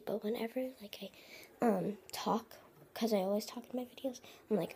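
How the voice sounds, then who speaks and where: A woman vlogging casually at her grandmother's house, often dropping to a hushed whisper and rambling in a hesitant, self-conscious way. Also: fairly high pitch, moderate pace. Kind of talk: casual show-and-tell vlog.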